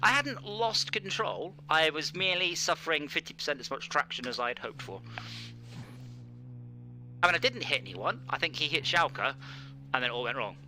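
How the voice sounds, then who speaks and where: A man's voice: fairly high pitch, animated, moderate pace, bright, forceful tone, poor audio. A man hosting a sim racing stream, chatting casually with a playful, self-mocking manner. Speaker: stream host. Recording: faint background hum.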